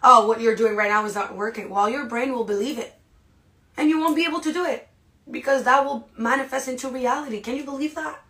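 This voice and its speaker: A woman hosting a podcast, giving a motivational monologue straight to her listeners, dramatic and animated, with many rhetorical questions. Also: high voice, a little fast. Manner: animated and dramatic, acts out inner voices. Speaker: podcast host.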